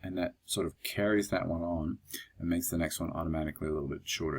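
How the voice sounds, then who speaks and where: A man teaching music notation in a calm, explanatory software tutorial, with a husky voice and the odd filler. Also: low voice, fast.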